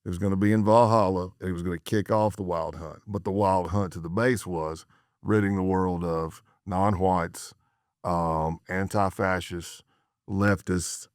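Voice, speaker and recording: A man's voice: low-pitched, steady tone, unhurried, a little mellow, no echo, studio quality. A middle-aged American man, a former undercover agent, telling a story as a podcast guest and acting out the dialogue he quotes. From United States.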